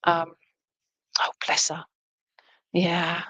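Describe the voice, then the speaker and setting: A woman's voice: lowish voice, completely flat delivery, extremely slow, fairly bright tone, husky, no echo, poor audio. A woman giving an online clairvoyant reading as a medium, chatty and reassuring, often checking in with her listener. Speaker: spiritualist medium.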